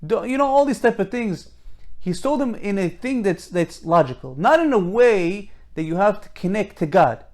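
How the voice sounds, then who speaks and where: This man, a Torah teacher, lectures informally with emphasis and lots of rhetorical questions, often beginning his sentences again. His voice sits high, animated and a bit mellow, at a normal speed.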